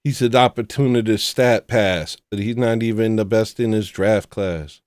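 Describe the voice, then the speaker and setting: A man's voice: lowish voice, fairly even intonation, moderate pace, darkish tone, dry recording, studio quality. A man hosting a casual livestream, rambling, joking at his own expense and greeting chatters by name. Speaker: livestream host.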